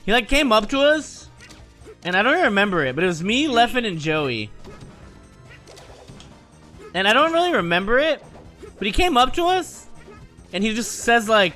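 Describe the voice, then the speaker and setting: A man talking casually to his stream audience, telling stories in an animated, profane, joking way. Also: sits high, normal speed, pauses often, faint music behind.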